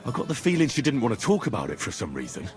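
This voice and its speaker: An earnest young traveler. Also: male voice, mid-range voice, wildly swooping pitch, rapid-fire, soft background music. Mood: curious. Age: young adult.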